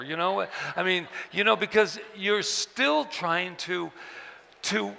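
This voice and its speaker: A man telling personal stories to an audience at a book event, halting and repeating words, acting out the voices of people he quotes. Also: high-pitched, gravelly, pushed and bright. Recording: long hall reverb.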